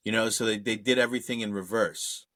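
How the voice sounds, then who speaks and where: A man's voice: on the low side, fairly even intonation, fast talker, sharp tone. A man co-hosting a casual movie review podcast, joking and riffing with silly bits. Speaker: podcast co-host.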